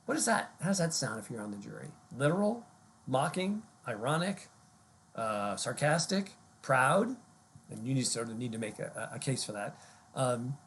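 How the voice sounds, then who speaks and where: A man's voice: mid-range voice, slight background noise. A man giving a recorded online lecture in a conversational way, with many ums and rhetorical questions.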